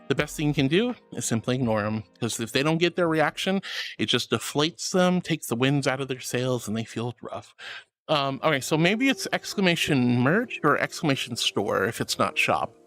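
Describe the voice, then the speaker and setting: A young man with a mid-range, expressive, fairly bright voice streams at normal speed over soft background music. He reads chat messages aloud theatrically and affectionately, calling viewers honey and sweetie.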